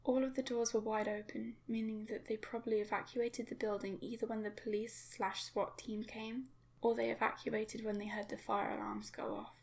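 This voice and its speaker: Young woman reading a horror story, gravelly, flat, hushed whispery delivery, slight cough. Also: on the high side, moderate pace. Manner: hushed, often whispered, steady narration. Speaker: fanfiction reader.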